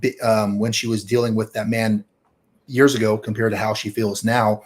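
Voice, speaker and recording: Measured man hosting a podcast. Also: lowish voice, little pitch movement. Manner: measured, steers the topic. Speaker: podcast host. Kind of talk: casual chat.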